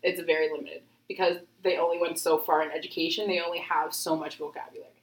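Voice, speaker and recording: Low-voiced young woman, rambling casual chat. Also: level tone, fast, echoey room, rough recording. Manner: rambling, heavy use of filler "like", frequent swearing.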